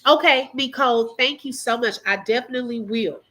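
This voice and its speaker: Middle-aged woman on a livestream, emotional, bright voice, chatting with viewers and reading comments. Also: fairly high pitch, a little fast, rough recording. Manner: emotional, talks straight to viewers and reads comments. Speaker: livestream host. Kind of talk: casual livestream chat.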